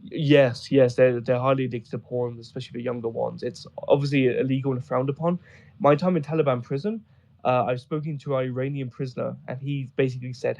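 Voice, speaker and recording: A man's voice: mid-range voice, steady tone, quick pace, vocal fry, darkish tone, lo-fi sound. A man talking casually as a guest, telling rambling, amused stories with many fillers. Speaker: guest describing travels in Afghanistan. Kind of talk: casual conversation on a voice chat.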